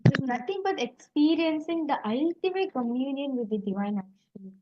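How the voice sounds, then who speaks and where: A woman's voice: high-pitched, lively intonation, brisk, mellow. A woman giving a spiritual teaching talk in a casual way, with frequent fillers and restarts, in a dull, muffled recording. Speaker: spiritual speaker.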